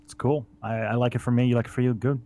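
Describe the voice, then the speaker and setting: A man's voice: mid-range voice, fairly even intonation, mellow. A man chatting on a livestream and teasing his friend. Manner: fast, teasing. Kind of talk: casual livestream chat.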